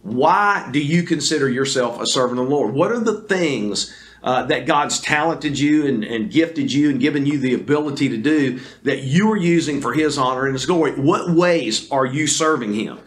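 A man preaching a sermon on video as pastor, earnest and deliberate, with many fillers and restarts. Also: mid-range voice, lively intonation. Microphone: camera recording.

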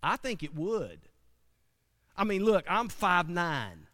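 A man preaching a sermon, animated and dramatic, swinging from loud bursts to hushed lines. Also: high voice, takes it slowly. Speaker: pastor.

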